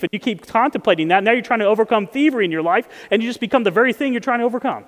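In a large hall, a pastor with a very high voice preaches animatedly, racing along with hardly any pauses. He keeps it conversational, often putting questions to his listeners.

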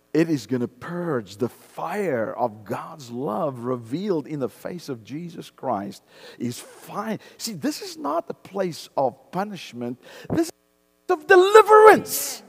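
Slow, emphatic preacher man. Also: on the high side, big pitch swings, creaky, darkish tone, husky. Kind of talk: sermon.

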